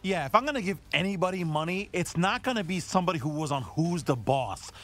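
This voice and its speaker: Male radio producer, wisecracking sidekick, high voice that swings up and down a lot. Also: animated, quick pace. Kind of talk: sports talk radio chat.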